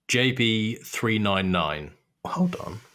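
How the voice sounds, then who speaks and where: A man's voice: lowish voice, lively intonation, drawn-out words, bright, forceful tone. A British man co-hosting a casual podcast, reading listener messages aloud, laughing and swearing casually. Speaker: podcast co-host.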